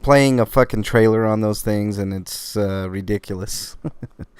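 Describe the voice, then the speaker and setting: On his laid-back live-streamed podcast, a man with a fairly low, clear, resonant voice talks unhurriedly with no echo. He rambles, fills the gaps with fillers, and hiccups as he speaks.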